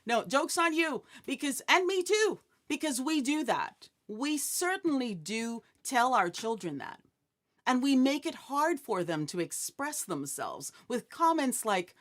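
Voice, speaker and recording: A woman's voice: high-pitched, sing-song, a little slow, fairly bright tone. A woman hosting a live inspirational talk show, chatty and joking, often putting questions to her audience. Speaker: host.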